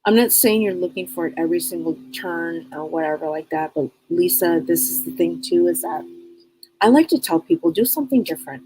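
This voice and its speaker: A woman's voice: lowish voice, lively intonation, fairly quick, mellow, a little hiss or hum, low-quality recording. A middle-aged woman hosting a live psychic advice stream, talking bluntly and casually, repeating herself and firing off rhetorical questions. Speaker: psychic reader and show host.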